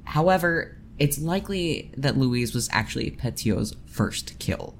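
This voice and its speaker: A podcast co-host narrating true crime in casual chat, with sarcastic, deadpan asides. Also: medium pitch, a little slow, gravelly, slight background noise.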